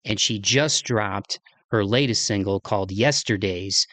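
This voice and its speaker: A man's voice: fairly low pitch, a little slow, bright, forceful tone, no echo. A man hosting his podcast from his kitchen, telling a story in a rambling, chatty way full of fillers. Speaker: podcast host. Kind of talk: casual solo monologue. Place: home kitchen.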